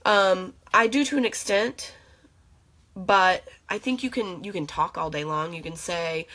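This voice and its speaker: A woman's voice: lowish voice, a little slow, a bit bright. A young woman vlogging at home in a casual, emotional, chatty way, with lots of fillers. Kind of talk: casual reflective vlog.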